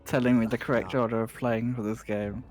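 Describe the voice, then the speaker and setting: A man's voice: medium pitch, little pitch movement, fairly quick, darkish tone. A man with a British accent giving live speedrun commentary, chatty and self-deprecating. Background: music.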